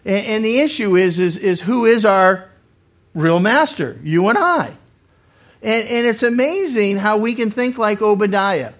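A man's voice: high-pitched, animated, moderate pace. A male pastor preaching a Bible study sermon in an earnest way, often repeating words as he restarts. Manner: acts out quoted speakers with sudden loud lines.

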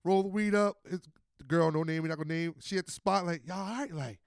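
A high-pitched man tells stories on a podcast, acting out every quote. The sound is dry and close, with no room around it. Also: quick pace, clear, resonant tone, no echo. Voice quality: animated, acts out quotes. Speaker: podcast host. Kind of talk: casual storytelling.

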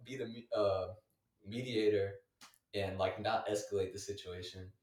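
A young man telling a story in a casual chat, full of filler words, laughing often and going higher when he quotes people. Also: fairly even intonation, moderate pace, a little mellow, echoey room, recorded from a distance.

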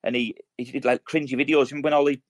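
A man in his thirties tells rambling army stories at a rapid clip, thick with slang and swearing. His voice sits at an ordinary pitch and is recorded close and dry, with no room sound. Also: fairly even intonation, dry recording. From United Kingdom. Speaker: podcast co-host. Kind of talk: casual chat.

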